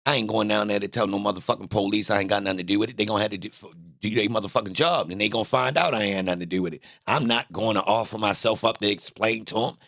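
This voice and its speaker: A man's voice: lowish voice, rapid-fire, gravelly, few pauses, a bit bright, no echo, studio quality. A man giving a heated, profane reaction to a clip, blunt and emphatic, often repeating his phrases.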